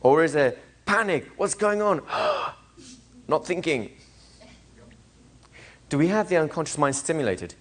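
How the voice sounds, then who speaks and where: A man lecturing a live class as a hypnosis trainer, animated, asking the room questions and acting out little scenes. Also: a little high, normal speed, pauses often.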